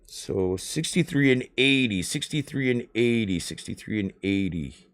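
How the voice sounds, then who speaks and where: A man, chatting on a live stream in an excitable, rambling way and swearing often. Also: on the low side, a little slow. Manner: animated, excitable ranting with swearing.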